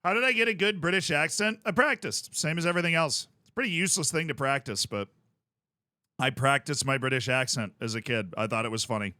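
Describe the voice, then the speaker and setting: Bright, chatty streamer man. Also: on the high side, a little fast, dry recording. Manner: rambling, chatty, with frequent restarts. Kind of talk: casual livestream chat.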